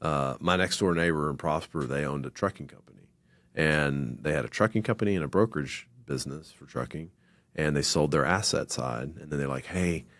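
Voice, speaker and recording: A man hosting a casual interview, telling animated, slangy anecdotes full of acted-out quotes. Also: very deep voice, a little fast, dry recording. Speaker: host.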